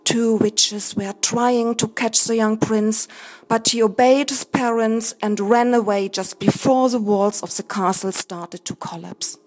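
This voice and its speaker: A woman reading a fairy tale aloud in a slow, careful storytelling manner. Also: a little high, steady tone, darkish tone, low-quality recording. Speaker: narrator.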